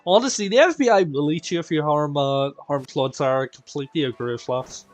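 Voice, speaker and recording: A man's voice: a little high, fairly quick, no echo. A man hosting a live stream, chatting playfully with his viewers. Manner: animated and playful, addressing chat as "people". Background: faint game music.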